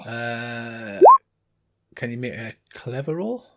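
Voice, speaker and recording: An older man narrates a tabletop game as its game master. He talks at a middling pitch and stops often for hesitant fillers. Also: expressive, slow, fairly bright tone.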